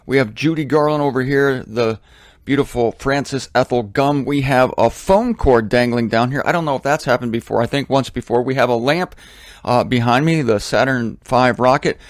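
Rambling, animated man in a dry studio. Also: mid-range voice, moderate pace, dry recording. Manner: rambling, animated, self-deprecating. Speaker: host of a religious talk series. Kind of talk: casual monologue. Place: home studio. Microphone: studio microphone.

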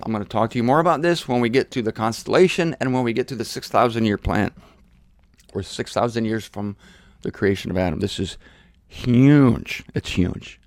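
A man hosting a Bible teaching show, preaching forcefully and repeating phrases for emphasis in a blunt, provocative way. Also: mid-range voice, dry recording.

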